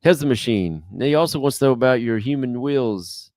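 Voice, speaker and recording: A man co-hosts, reading out listener questions in an upbeat, quick way. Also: mid-range voice, expressive, a little mellow. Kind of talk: casual chat.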